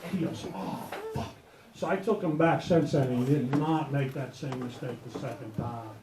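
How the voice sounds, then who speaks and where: A man's voice: medium pitch, moderate pace, background noise. A man performing a crude stand-up comedy set, telling rowdy stories with punchlines. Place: comedy club stage before a live audience. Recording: echoey club with audience laughter.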